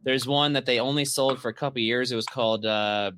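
A man's voice: mid-range voice, fairly even intonation, brisk, a bit bright, clean tone, no room sound, studio quality. A man in casual podcast chat, telling stories bluntly with plenty of swearing. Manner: blunt, profane storytelling.

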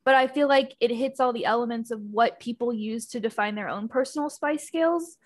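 A woman with a slightly high voice co-hosts a relaxed book discussion. She talks with firm opinions and breaks into laughter easily. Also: fairly quick. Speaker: podcast co-host. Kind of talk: casual book chat.

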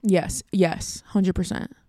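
A young woman co-hosting a casual podcast chat, agreeable and quick to chime in with jokes. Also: on the low side, fairly even intonation, warm tone, dry recording. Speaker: podcast co-host.

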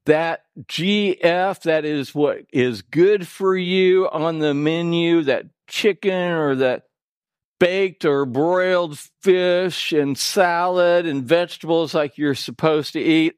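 A man from Indiana delivers a sermon from the pulpit, weaving joking asides to his congregation into the message. His voice sits high, his delivery unhurried and deliberate. The sound is dry and close, with little room behind it. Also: smooth, dry recording. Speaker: pastor. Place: church sanctuary.

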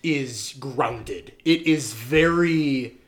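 A man's voice: mid-range voice, very slow, a crowd in the background. A man co-hosting a podcast, chatting casually about horror movies with lots of fillers. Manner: chatty, many fillers, animated retelling of scenes. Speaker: podcast co-host.

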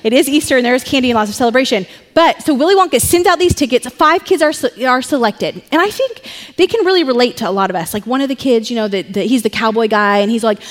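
A woman pastor giving a sermon, telling a story with animated, chatty asides. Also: on the high side, fast talker, few pauses. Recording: long reverb in a hall.

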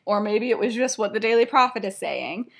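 A woman's voice: medium pitch, lively intonation, a little fast, vocal fry, fairly bright tone. A woman co-hosting a podcast, casually retelling a story in a rambling way and filling her sentences with 'like'. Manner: rambling retelling, heavy use of filler 'like'. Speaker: podcast co-host.

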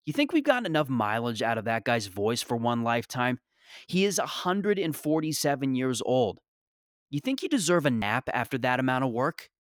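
A man's voice: mid-range voice, sing-song, normal speed, no echo, studio quality. A male comedian delivering a sarcastic, exasperated rant in a monologue.

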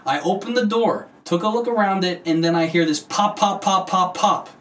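A man doing an excited storyteller's voice. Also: high-pitched, normal speed, echoey room, pitched above the performer's own voice. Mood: animated. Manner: raised, animated storytelling voice. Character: excited man telling his shooting story.

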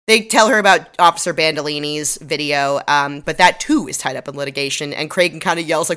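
A woman podcast co-host with a low-pitched voice and a bright, crisp edge. She talks casually through an episode recap, adding dry, sarcastic remarks. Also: a little fast, hardly any pauses. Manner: sarcastic, wry commentary.

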